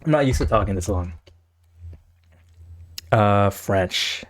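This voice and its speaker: A man's voice: fairly low pitch, expressive, slow. A man streaming live, reacting bluntly and profanely while thinking aloud. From Pakistan or India. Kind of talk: casual live-stream commentary.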